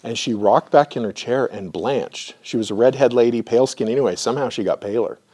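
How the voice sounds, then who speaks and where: A middle-aged man lectures live to a room full of listeners, sharing personal anecdotes in a conversational style and frequently clearing his throat. He speaks a little fast, with a medium-pitched, slightly mellow voice.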